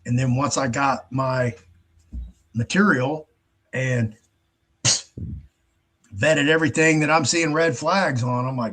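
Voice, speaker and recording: A male host rants in a blunt, profane, exasperated way, tripping over restarts as he goes. His voice is husky and sits at an ordinary male pitch. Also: slow, pauses often, fairly bright tone. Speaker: show host. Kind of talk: ranting monologue.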